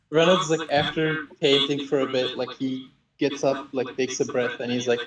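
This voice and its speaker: A man narrating a role-play scene casually, halting with many fillers and frequent laughs. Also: mid-range voice, flat delivery, fairly bright tone, very echoey, distant mic, a little hiss or hum, rough recording. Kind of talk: casual collaborative storytelling.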